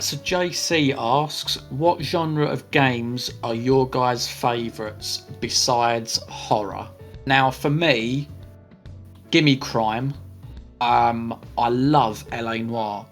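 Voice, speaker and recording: A man co-hosting a podcast, answering listener questions in a measured, hedging way as he thinks aloud. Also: mid-range voice, a bit bright. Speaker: podcast co-host. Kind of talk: casual Q&A chat.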